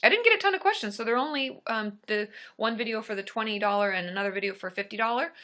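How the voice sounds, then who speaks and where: A woman's voice: fairly high pitch, animated, fast, pushed and bright. A young woman therapist hosting a live-stream Q&A, chatty and bubbly, greeting viewers by name and answering their questions.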